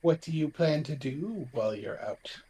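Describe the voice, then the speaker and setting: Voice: mid-range voice, lively intonation, normal speed, very noisy. A player in a tabletop game asking curious questions in character.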